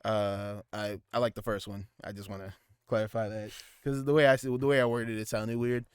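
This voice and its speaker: A man's voice: on the low side, little pitch movement, fairly quick, smooth, no echo, studio quality. A man co-hosting a casual podcast, rambling with lots of restarts and fillers. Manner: rambling, many restarts and fillers, slips into goofy put-on voices. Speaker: podcast co-host. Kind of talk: casual chat.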